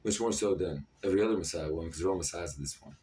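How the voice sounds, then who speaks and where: This man in his thirties talks very fast in a deep, dark voice, rambling to camera in choppy bursts packed with fillers. He sits a little far from the microphone, and there's slight background noise.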